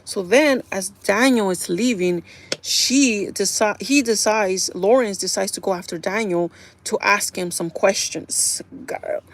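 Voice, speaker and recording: A woman talking on her live stream, retelling a show's episode in a loose, gossipy way. Her pitch sits in the middle range, and her talk is full of fillers and quick laughs. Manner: chatty and animated, full of "like" and "kinda"; laughs often while retelling. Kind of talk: casual chat recapping a TV episode.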